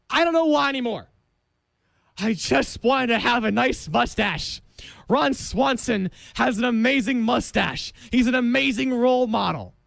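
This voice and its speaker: A young man hosting a college radio show, talking in a dramatic, excitable comic monologue that bursts into shouting. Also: very high-pitched, vocal fry, no room sound. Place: radio studio.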